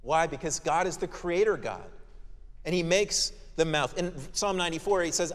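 A male pastor gives an expository sermon in a conversational, emphatic manner. His voice sits a bit high. A long hall reverb trails each phrase. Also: moderate pace.

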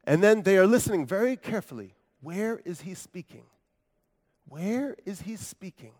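A man's voice: high-pitched, lively intonation, a little fast, darkish tone. A man preaching a first-person dramatic monologue as a paralyzed grown man from Capernaum, earnest and wry, telling his story with asides to the congregation. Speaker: preacher in character. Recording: long hall reverb.

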